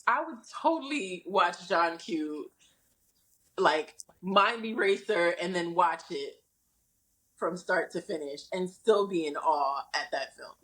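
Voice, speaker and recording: A woman co-hosting a casual chat, telling stories in a lively, expressive way. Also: fairly low pitch, takes it slowly, poor audio. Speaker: co-host.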